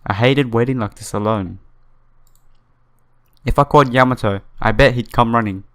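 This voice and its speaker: A man's voice: mid-range voice, moderate pace, fairly bright tone, clean tone, close to an everyday voice. A man reading a visual novel's lines for an earnest, lonely young woman who trains as an idol, in his own plain voice without a girl voice. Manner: plain read-aloud delivery in his own voice.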